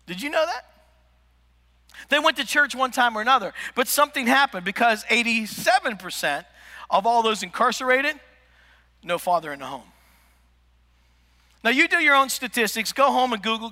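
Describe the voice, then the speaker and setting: A man preaching a comedic sermon, telling stories with lively asides to the congregation. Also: sits high. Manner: animated storytelling with asides to the congregation. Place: large church hall. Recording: echoey church hall.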